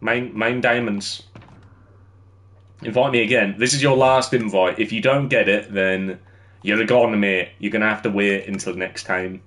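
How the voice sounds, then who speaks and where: A man's voice: lowish voice, fairly even intonation, a little slow, a bit bright. A young man streaming a game, chatting with viewers while he builds and laughing easily. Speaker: livestreamer. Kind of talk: casual gameplay commentary.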